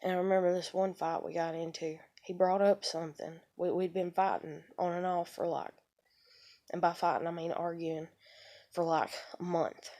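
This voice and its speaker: A young adult woman rambling bitterly about her life, halting often with "you know" fillers. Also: fairly low pitch, fairly even intonation, warm tone. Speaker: vlogger. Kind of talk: unscripted personal rambling.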